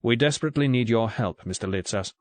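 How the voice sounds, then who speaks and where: A man's voice: medium pitch, fast, a little mellow, no echo, close to an everyday voice. A male audiobook reader voicing an earnest English secret agent, urgent and sincere. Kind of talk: audiobook character voice.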